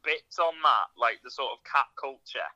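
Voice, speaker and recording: Sharp-toned man, hesitant. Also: mid-range voice, expressive, normal speed, lo-fi sound. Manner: hesitant, heavy use of "like". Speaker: podcast co-host. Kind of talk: casual chat.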